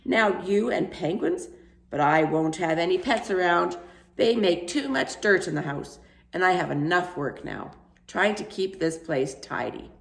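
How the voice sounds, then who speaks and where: A woman voicing a practical, worried middle-aged housewife who talks in a sharp, fussy, scolding way, with a gravelly edge, in a storybook reading. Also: lowish voice, expressive, unhurried. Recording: roomy echo.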